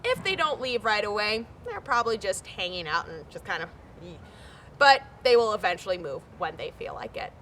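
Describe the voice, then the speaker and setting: A young adult woman naturalist presenting a scripted nature lesson outdoors by a pond, clear and enthusiastic. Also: mid-range voice, very animated, normal speed, fairly bright tone, a little hiss or hum.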